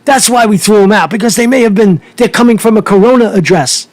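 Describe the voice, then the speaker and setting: A fretful, whiny official frets in a raised, sing-song voice, as a man puts him on in mockery. The voice climbs well above his usual pitch with exaggerated alarm. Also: fast, no room sound, lightly acted. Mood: mocking alarm.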